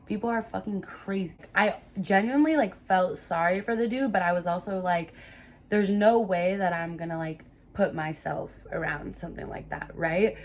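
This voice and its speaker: A young woman telling a casual storytime to her viewers, animated and swearing freely. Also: medium pitch, moderate pace. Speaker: storytime vlogger.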